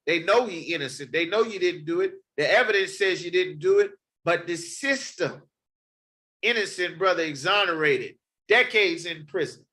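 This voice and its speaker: Emphatic high-voiced male street preacher. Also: normal speed, bright, forceful tone, low-quality recording. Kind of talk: sermon with scripture reading.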